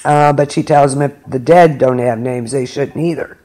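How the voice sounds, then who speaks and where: A man's voice: mid-range voice, normal speed, warm tone. A man hosting a podcast, recapping a show episode in a rambling, filler-heavy way. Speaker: podcast host. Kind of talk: casual episode recap chat.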